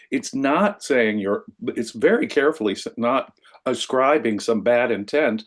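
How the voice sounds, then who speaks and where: A man who is a lawyer, co-hosting a show and arguing his point in a deliberate, reasoned way. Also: medium pitch, lively intonation. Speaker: lawyer co-host. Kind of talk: casual commentary.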